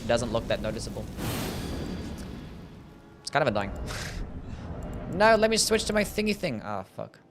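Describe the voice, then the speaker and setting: A man's voice: mid-range voice, very animated, moderate pace, pauses often, over music. A young man chatting casually while streaming a game, answering chat questions and swearing now and then. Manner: laid-back, swears, reads chat. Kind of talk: casual gameplay commentary.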